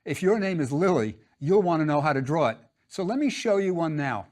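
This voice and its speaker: A man's voice: on the high side, expressive, fairly quick, darkish tone. A man teaching a drawing lesson, patient and step by step, repeating each instruction.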